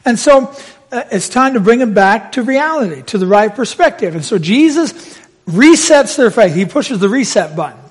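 A man preaching a sermon, telling the story with lively, acted-out voices. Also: high-pitched, normal speed, husky.

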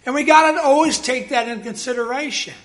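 A man preaching a sermon as pastor, telling personal stories in a lively way and bursting into loud acted quotes. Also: very high-pitched, a little fast.

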